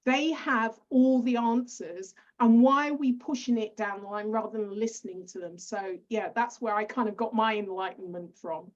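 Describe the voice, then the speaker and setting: A middle-aged woman with a British accent hosts a podcast, her voice sitting fairly high and coming through dull, lo-fi audio. She asks her questions with enthusiasm. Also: moderate pace, hardly any pauses. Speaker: podcast host. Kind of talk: podcast interview.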